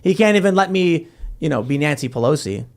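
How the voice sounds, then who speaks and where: A man's voice: on the high side, expressive, a little fast, gravelly. A man hosting a podcast, reading viewer comments aloud and chatting casually with wry, jokey asides. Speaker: podcast host.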